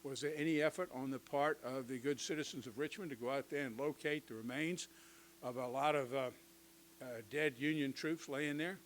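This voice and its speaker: An older man giving a conversational history lecture to teachers, with lively asides and touches of humor. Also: medium pitch, moderate pace, a little hiss or hum, rough recording. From United States.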